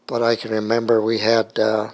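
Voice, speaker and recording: Older man recalling his childhood, halting. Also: lowish voice, monotone, creaky, a little mellow. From United States. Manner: rambling, halting with many fillers. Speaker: interviewee. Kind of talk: oral history interview.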